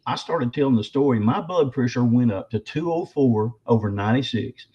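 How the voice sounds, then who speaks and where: In a casual interview, an Arkansas man who writes books and researches Bigfoot rambles through his stories with emphasis and plenty of false starts, a slight emotional tremble in his voice. He speaks at a moderate pace in a mellow, mid-range voice with lively intonation, captured in somewhat dull lo-fi audio.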